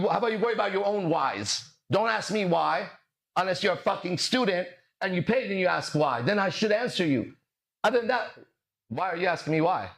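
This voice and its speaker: A man's voice: high voice, creaky. A man hosting a podcast as a mindset and relationship coach, talking in a brash, swaggering, profane monologue full of rhetorical questions.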